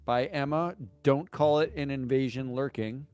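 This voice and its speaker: A man hosting a comedy business news show, delivering headlines in a snarky, deadpan mock-anchor style. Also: normal speed, faint music behind. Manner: snarky, deadpan with lively pitch swings.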